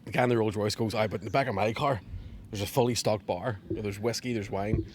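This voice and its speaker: A man's voice: fairly low pitch, steady tone, quick pace, a little hiss or hum. A Northern Irish man, a comedian, chatting casually in a garden, telling a long joke and laughing often as he swears freely. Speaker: comedian guest. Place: outdoors in a garden.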